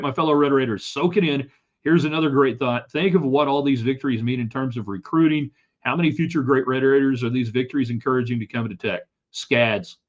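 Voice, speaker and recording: A man hosting a live sports talk show, chatting casually and joking as he reads viewer comments. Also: medium pitch. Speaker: sports talk show host reading chat. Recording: slightly dull lo-fi sound.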